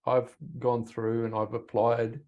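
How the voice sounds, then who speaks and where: Male podcast host, flat delivery, dark tone, unhurried. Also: medium pitch, dull audio. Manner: measured, hesitant with fillers. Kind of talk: interview host wrap-up.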